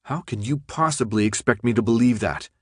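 A man's voice: mid-range voice, a little fast, slightly rough, dry recording, lightly acted. Guy reading a distrustful young dude, curt, accusing, dry mic. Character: guarded, distrustful young man.

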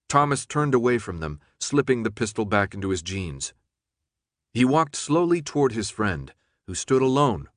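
A man narrating an audiobook chapter in a steady, measured reading. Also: on the low side, no echo, clean studio sound. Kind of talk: scripted narration.

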